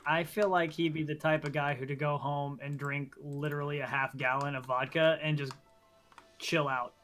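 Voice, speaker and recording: A young man co-hosting a gaming podcast, trading deadpan jokes in casual chat. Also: on the high side, normal speed, soft background music. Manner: joking, deadpan banter. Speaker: podcast co-host.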